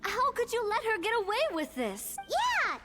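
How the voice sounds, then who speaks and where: A tiny fairy sidekick in a video game, squeaky and shrill, jumping all over her very high range. She cries out in loud indignation. The game audio has long reverb, with loud music underneath. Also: wildly swooping pitch, moderate pace, full character voice. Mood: indignant. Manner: exclaims loudly and indignantly. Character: tiny excitable female fairy companion.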